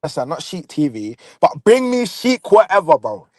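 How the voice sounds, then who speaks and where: A young man, talking excitedly and casually as a football fan, full of slang and repeating "bro" and "you understand". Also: a little high, normal speed, over music. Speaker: guest fan.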